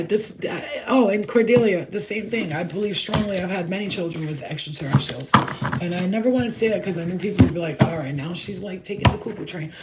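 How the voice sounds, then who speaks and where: A woman giving a live spiritual tarot reading in a rambling, excited way. She swears casually and acts out her stories. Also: lowish voice, muffled recording, noisy background.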